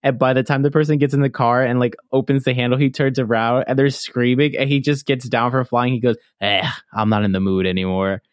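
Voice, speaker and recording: A man's voice: medium pitch, flat delivery, a little fast, hardly any pauses, dry recording. Laid-back young man, dry sound. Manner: laid-back, giggly, swears casually. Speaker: podcast co-host. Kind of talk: casual chat.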